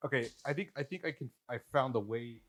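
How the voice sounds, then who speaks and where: A man's voice: mid-range voice, quick pace, fairly bright tone. A man co-hosting a casual wrestling podcast, out of breath and thinking aloud with casual swearing. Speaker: podcast co-host. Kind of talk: casual chat about wrestling.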